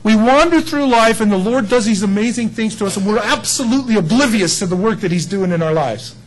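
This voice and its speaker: A man preaching a sermon in a folksy, animated way, building up to emphatic peaks. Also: high-pitched, fairly quick, poor audio. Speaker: pastor.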